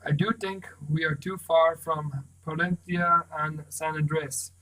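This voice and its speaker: A man reading aloud gives voice to a young boy adrift and frightened, spoken plainly without much colour. The melody stays narrow and even, in a slightly high male register. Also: slow pace. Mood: worried.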